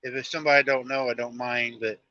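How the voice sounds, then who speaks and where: Trucker guy rambling on a live stream from his cab, bright tense voice, kinda dull lo-fi sound. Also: medium pitch, level tone, fast. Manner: rambling storyteller, folksy talk. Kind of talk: casual live-stream chat while driving.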